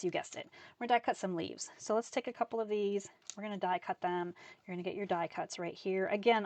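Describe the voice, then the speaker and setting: A woman leading a live card-making demonstration, full of enthusiasm for her papers and stamps. She talks viewers through every step in a friendly, chatty way, her voice sitting at an ordinary middle pitch. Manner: chatty and enthusiastic, narrating each step aloud. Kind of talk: live craft class demonstration.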